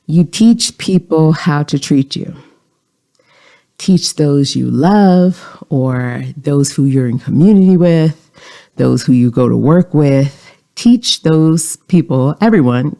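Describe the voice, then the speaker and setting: Podcast host, mellow and a bit gravelly, calm coaching delivery. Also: mid-range voice. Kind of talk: self-help podcast talk.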